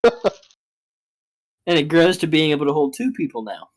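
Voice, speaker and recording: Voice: medium pitch, very animated, a little slow, no room sound. A tabletop game player making wry, teasing remarks in casual chat.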